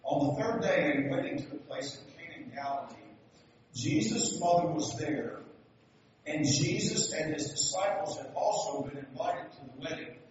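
A man preaching a sermon, telling stories and building to loud, emphatic passages. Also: fairly high pitch, expressive, moderate pace, a little hiss or hum. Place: church sanctuary. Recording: echoey hall, from far off, dull sound.

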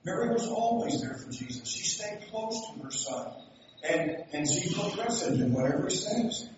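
A man preaching a sermon, telling stories and building to loud, emphatic passages. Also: high-pitched, very animated, moderate pace, noisy background. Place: church sanctuary. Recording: echoey hall, from far off, dull sound.

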